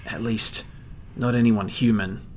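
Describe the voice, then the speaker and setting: A man voicing a panicky, middle-aged male town mayor while reading a manga aloud, with a shrill, pleading, nervous delivery. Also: steady tone, unhurried, slight background noise, lightly acted. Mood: fearful.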